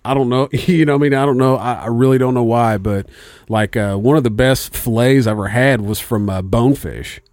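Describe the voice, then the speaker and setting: A man's voice: mid-range voice, a little fast, few pauses, darkish tone, no room sound. A man hosting a casual podcast chat, telling stories in a laid-back way, swearing freely and laughing often, on a studio mic with headphones.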